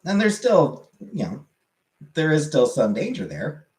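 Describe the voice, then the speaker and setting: A man's voice: a little high, huge pitch swings, a little slow, a little mellow. A man hosting a livestream, chatting casually with his viewers and often correcting himself mid-sentence as he rambles. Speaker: livestream host answering chat. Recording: roomy echoey room.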